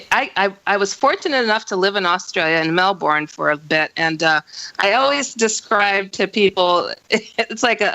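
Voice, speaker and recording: A woman hosting a radio talk show, bubbly and quick to laugh, chatting casually with her guest. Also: vocal fry, no room sound, low-quality recording. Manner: bubbly, laughs often, lively pitch jumps.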